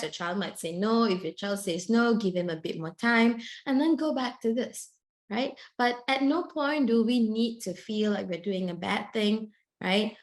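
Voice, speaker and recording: A woman, a clinical psychologist, giving a webinar presentation who often ends her points with a tag question and laughs briefly mid-sentence. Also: medium pitch.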